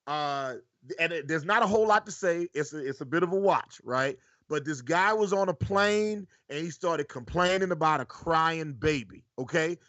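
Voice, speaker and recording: A man's voice: fairly high pitch, moderate pace, a bit bright, dry recording. A man hosting a casual reaction show, talking loosely with many restarts and directing his producer. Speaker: show host. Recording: slightly dull lo-fi audio.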